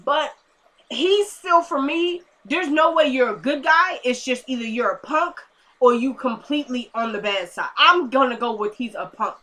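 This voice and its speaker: A woman recapping a TV episode in a chatty, excitable and slangy way. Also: high voice, normal speed. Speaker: TV episode reviewer. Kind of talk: casual recap commentary.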